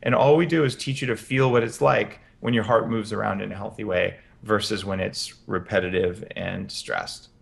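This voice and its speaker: Gravelly low-voiced man explaining. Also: fairly even intonation, normal speed, few pauses. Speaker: podcast guest, health expert. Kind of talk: interview, explaining practical advice. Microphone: headphones with podcast mic.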